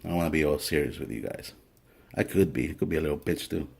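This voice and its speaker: Male practitioner, low voice, casual joking tutorial delivery with occasional swearing. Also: quick pace, creaky, a little mellow. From family from El Salvador. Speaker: spiritual practitioner teaching a ritual.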